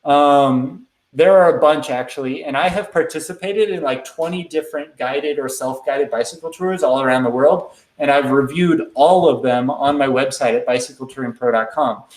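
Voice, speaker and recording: A man hosting a live question-and-answer stream, talking in a relaxed, rambling way with lots of ums. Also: medium pitch, normal speed, few pauses, roomy sound, rough recording. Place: indoors at a computer.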